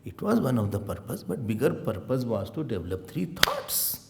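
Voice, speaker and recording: A man giving a spiritual sermon, animated and acting out little scenes as he teaches. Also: medium pitch, normal speed, vocal fry. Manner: animated, acts out little scenes, chuckles often. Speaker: swami giving spiritual talks.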